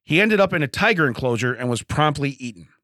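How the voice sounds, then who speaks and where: Male radio co-host, lively pitch, dry close mic, chatty and laughing. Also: fast, no echo. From Illinois. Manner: laughs often, animated storytelling. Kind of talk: casual banter.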